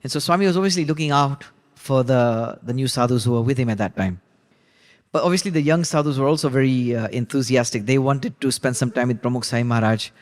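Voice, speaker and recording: A religious class teacher tells a story as a lesson, retelling it in a relaxed, conversational way and often pausing on "you know." His voice is ordinary middle pitch, and a long reverb trails after his words as if he's in a large hall.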